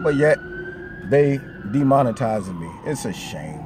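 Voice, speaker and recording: Male vlogger, mid-pitched, opinion commentary, conversational. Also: lively intonation, normal speed, darkish tone, a little hiss or hum. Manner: conversational, emphatic, slips into quoted voices.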